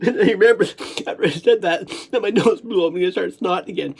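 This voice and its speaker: A man's voice: a little high, takes it slowly, gravelly, slight background noise. A man rambling through a personal monologue at home, swearing often and breaking into laughs and coughs.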